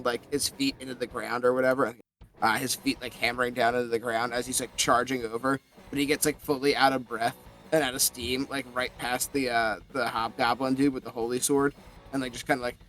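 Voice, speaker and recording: Casual male gamer, bright edgy tone, rambles through his turn. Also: mid-range voice. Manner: rambling, full of "like" and restarts, swears freely. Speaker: player. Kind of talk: tabletop game banter and in-character narration.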